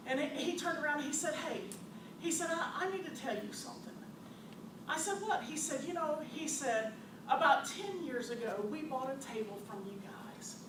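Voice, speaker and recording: A woman who owns a store, telling animated customer stories to an audience with frequent laughter. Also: high voice. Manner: animated, laughs often, acts out customers' quotes. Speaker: store owner presenting to a business audience. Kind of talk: storytelling presentation. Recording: distant, echoey, noisy room recording.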